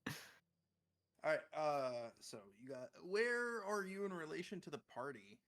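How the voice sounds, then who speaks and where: A man's voice: fairly high pitch, very animated, normal speed, a bit bright. A man running a tabletop game on a live stream, casual and joking, with some swearing. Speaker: game master.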